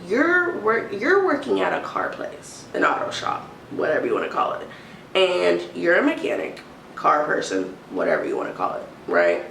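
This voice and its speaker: A woman's voice: lowish voice, moderate pace, gravelly. Exasperated woman venting in an echoey room. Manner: exasperated, animated storytelling, mimics a timid whisper. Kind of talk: storytime vlog rant. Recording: roomy, distant, faint hiss.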